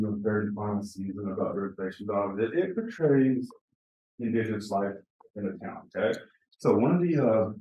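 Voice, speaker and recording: A man's voice: on the low side, dark tone. A man gives a conference presentation to teachers, chatting easily, telling stories and asking the audience questions. He is heard from a distance in a roomy, echoing space. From Native American, Apache. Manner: conversational, asks the room questions, tells stories. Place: conference session room. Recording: echoey room, mic far off.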